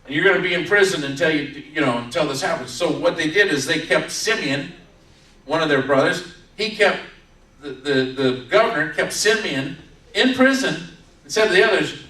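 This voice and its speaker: High bright guy preaching, acts out the quotes, echoey church, mic a bit far off. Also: animated, moderate pace. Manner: storytelling with acted-out quotes. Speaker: pastor. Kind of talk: sermon. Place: church sanctuary.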